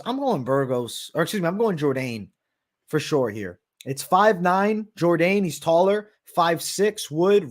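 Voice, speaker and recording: A brash man hosts a live stream, answering viewer questions in loose, casual chat. His voice sits a bit high for a man, and he swears freely and keeps calling people "bro.". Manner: profane, brash, peppered with "bro". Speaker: host of a live betting show.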